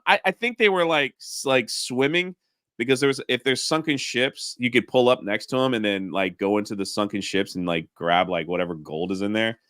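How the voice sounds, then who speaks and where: An animated man co-hosting a casual podcast, his voice bright and crisp. It swings widely in pitch as he tells his stories. The sound is dry and close, with no room echo. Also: fairly quick. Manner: animated, laughing storyteller. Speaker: co-host.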